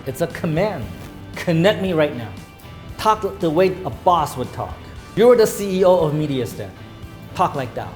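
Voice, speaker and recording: A man's voice: fairly high pitch, sing-song, normal speed, faint music behind. A man giving a sales training lecture to a live class, emphatic and acting out phone calls in a commanding tone.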